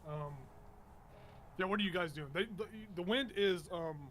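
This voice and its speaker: A man running a tabletop game over voice chat, relaxed and drawling as game master. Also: high voice, moderate pace, slight background noise. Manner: relaxed, drawling, says y'all.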